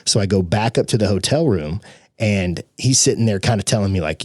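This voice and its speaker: Young man, low dry voice, animated storyteller acting out quotes. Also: a little fast, no echo. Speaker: podcast guest. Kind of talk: casual storytelling.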